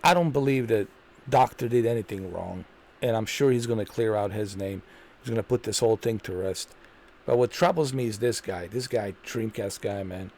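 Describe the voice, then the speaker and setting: A man's voice: on the low side, creaky, darkish tone. A man hosting a commentary video, ranting in an indignant, repetitive way and hammering the same points. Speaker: commentary channel host.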